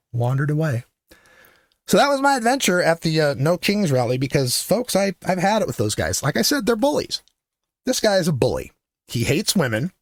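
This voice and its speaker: An older man hosting his own show, telling a story in a profane, impassioned political monologue that builds to loud shouting. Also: mid-range voice, no room sound, clean studio sound. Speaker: show host.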